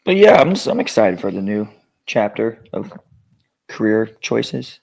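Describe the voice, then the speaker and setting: A man in his thirties co-hosting a casual podcast, laid-back and quick to laugh. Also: fairly low pitch, big pitch swings, gravelly, darkish tone. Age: 30s. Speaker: podcast co-host. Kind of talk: casual chat.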